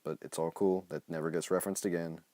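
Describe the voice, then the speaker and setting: A man's voice: low voice, little pitch movement, fast, mellow, no echo. A man reading his own comic aloud on a phone live stream, breaking off for jokey, self-mocking asides.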